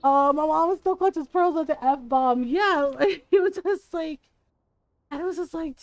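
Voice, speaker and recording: A woman game streamer chatting casually while she plays, animated, laughing often and swearing freely. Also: high-pitched, unhurried, no echo, lo-fi sound. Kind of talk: casual chat while playing a life-sim game.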